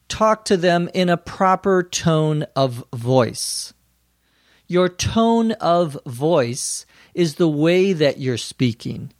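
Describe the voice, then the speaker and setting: A male English teacher and host slowly explaining phrases to language learners, speaking clearly and giving acted example lines. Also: fairly high pitch, no echo, studio quality.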